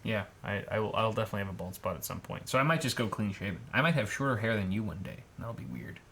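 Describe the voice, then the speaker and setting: A man's voice: on the low side, lively intonation, fast, sharp tone. A playful man in his early thirties co-hosting a livestream. He keeps the chat loose and jokey, trailing off and restarting as he talks. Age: 30s. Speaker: co-host.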